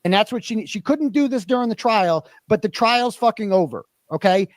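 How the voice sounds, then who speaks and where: A man's voice: lively intonation, normal speed, no echo. A man in a played clip, ranting angrily and profanely about money, fired up and worked up. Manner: fired-up, profane, swinging pitch. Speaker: commentator in a played livestream clip. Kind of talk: angry rant.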